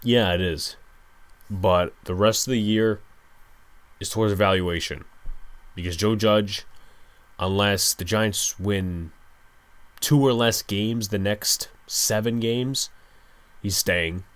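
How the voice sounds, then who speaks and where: Low-voiced man talking quietly late at night. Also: slow pace, long pauses, smooth, no echo. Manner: resigned, frustrated fan rant. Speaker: podcast host. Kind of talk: solo sports podcast monologue.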